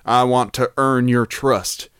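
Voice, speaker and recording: A man's voice: medium pitch, steady tone, slow pace, a bit bright, smooth, no echo, clean studio sound. A man reading a lonely-hearts ad in a put-on Texan accent, playing an earnest Texan guy. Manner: exaggerated drawl, reading aloud.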